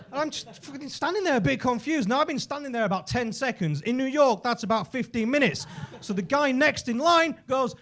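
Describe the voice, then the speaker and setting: High-voiced English man telling profane jokes. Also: brisk. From England. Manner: profane, animated storytelling with shouted punchlines. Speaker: stand-up comedian. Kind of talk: stand-up comedy set. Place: comedy club stage.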